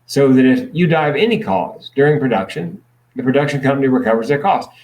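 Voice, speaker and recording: A man's voice: mid-range voice, lively intonation, a little fast, a little mellow, echoey room, rough recording. A man speaking as a podcast guest, explaining things earnestly with dry jokes. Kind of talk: podcast conversation.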